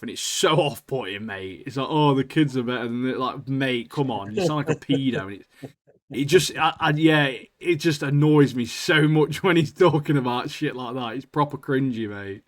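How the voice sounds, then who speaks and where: A man's voice: mid-range voice, moderate pace. A man co-hosting a podcast, chatting casually and laughing often. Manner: laughing, slangy, says "mate" a lot. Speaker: podcast co-host. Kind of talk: casual chat.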